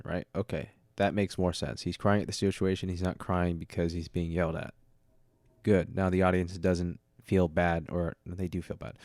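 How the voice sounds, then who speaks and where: A yawning man hosting a solo podcast, talking in a loose, rambling way with a deep voice. He keeps laughing at his own jokes and catching himself mid-thought. The sound is dry and close, recorded at home on a desk mic. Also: darkish tone, no echo. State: sleepy, yawning. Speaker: podcast host. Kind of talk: casual solo podcast talk. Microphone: studio mic with audio interface.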